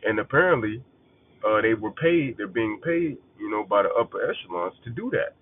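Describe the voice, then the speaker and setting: Speaking at a moderate pace, a preacher with a fairly low, animated voice delivers scripture teaching in a blunt, offhand manner. He swears a lot and repeats points emphatically. The recording has a narrow, phone-like quality.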